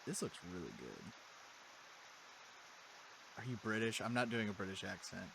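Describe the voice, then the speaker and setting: A man's voice: on the low side, very animated, moderate pace, vocal fry, pauses often, noisy background. Sarcastic man joking over a game. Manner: sarcastic, jokey, talks back at the game. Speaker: game player. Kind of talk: let's-play commentary.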